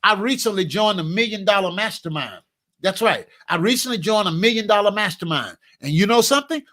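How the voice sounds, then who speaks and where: A man's voice: high-pitched, expressive, brisk, sharp tone. A man giving a motivational coaching talk with an emphatic, repetitive, preacher-like cadence, talking now and then to a helper in the room. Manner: talks to a live helper during the talk. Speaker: business coach.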